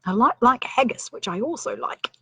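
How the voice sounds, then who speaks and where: A woman's voice: fairly high pitch, huge pitch swings, moderate pace, sharp tone, slightly rough, no room sound. A woman reading a children's story aloud, playful, with chatty asides.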